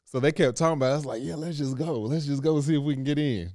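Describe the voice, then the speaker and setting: A man's voice: a little high, very fast, darkish tone, no room sound, clean studio sound. A man co-hosting a podcast with his wife, laid-back and joking, often laughing as he tells stories from his youth. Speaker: podcast co-host. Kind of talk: casual chat.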